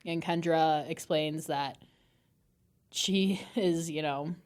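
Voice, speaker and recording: A woman's voice: sits low, steady tone, slow, a little mellow. A woman co-hosting a book-discussion podcast, chatting casually and laughing often. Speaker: podcast co-host. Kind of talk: casual book-club chat.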